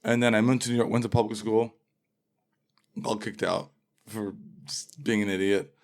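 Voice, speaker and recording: A man's voice: on the low side, fairly even intonation, moderate pace, creaky. A man from England, the guest in a casual interview, talking in a laid-back, rambling way with lots of fillers.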